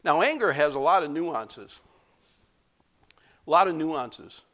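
This pastor preaches slowly in a slightly high, pushed, bright voice with lively intonation. His sermon is conversational and emotional, punctuated by frequent laughter and fillers like "you know."

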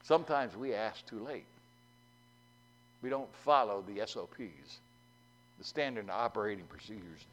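A man's voice: on the low side, lively intonation, normal speed, long pauses, fairly bright tone, low-quality recording. A man preaching a sermon in a folksy way, asking the congregation questions and acting out the voices in a story he tells. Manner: acts out voices in a told story.

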